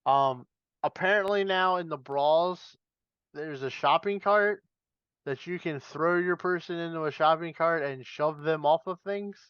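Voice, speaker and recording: A man's voice: a little high, a little slow, fairly bright tone, clean tone, no room sound, lo-fi sound. A man hosting a podcast, leading casual wrestling chat and laughing easily. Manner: leads questions, laughs easily. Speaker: podcast host.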